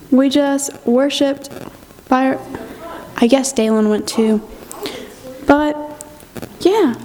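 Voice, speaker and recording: A woman's voice: fairly high pitch, darkish tone. A woman giving a chatty personal testimony in church, retelling events with lots of quoted dialogue. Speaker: youth group member giving testimony. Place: church sanctuary.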